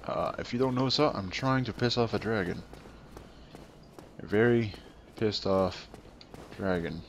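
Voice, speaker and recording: A man hosting a let's play, giving excitable, taunting, profane gameplay commentary. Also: lowish voice, unhurried, a little hiss or hum.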